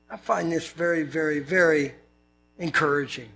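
A man's voice: high voice, lively intonation, slow, pauses often, a bit bright, slight background noise. A man preaching a sermon as pastor, in an earnest, conversational way with scripture readings.

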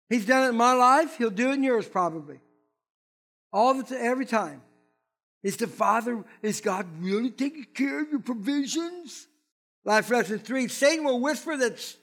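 A pastor giving a sermon in an animated, conversational way, full of asides to the congregation. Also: male voice, very high-pitched.

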